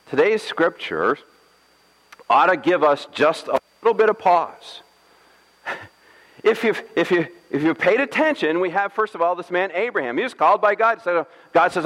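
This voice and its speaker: A man's voice: on the high side, fairly bright tone, long reverb tail, low-quality recording. A man pastor giving a sermon, telling a scripture story playfully with jokes and acted-out lines.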